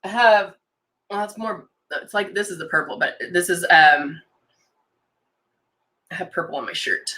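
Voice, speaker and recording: A woman's voice: on the low side, measured pace, long pauses, pushed and bright. A woman chatting casually on a live stream as she demonstrates makeup. She talks chattily and with enthusiasm, and reads out viewer comments as she goes. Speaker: makeup consultant hosting a live demo.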